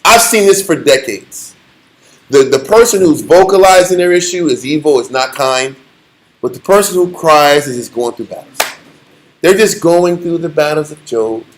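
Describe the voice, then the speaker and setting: A man's voice: fairly high pitch, expressive, normal speed, poor audio. A man teaching a scripture class, preaching emphatically and firing rhetorical questions at his listeners. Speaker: Bible teacher.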